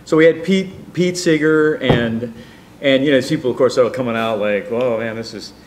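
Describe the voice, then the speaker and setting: A middle-aged man telling a personal story in a rambling, animated way, with many fillers and restarts. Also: medium pitch, moderate pace, background noise. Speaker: storyteller guest.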